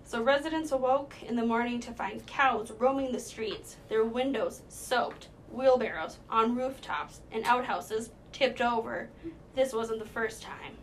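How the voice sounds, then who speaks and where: A woman's voice: a little high, unhurried, slight background noise, low-quality recording. A young woman from Minnesota, cohosting a podcast, telling a story in casual chat with lots of fillers and giggles. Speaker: podcast co-host.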